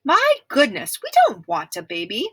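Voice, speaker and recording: A woman's voice: mid-range voice, huge pitch swings, moderate pace, slightly rough, no room sound. Woman reader doing a prim flustered mother, indignant, close dry read. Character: fussy, flustered, cold mother.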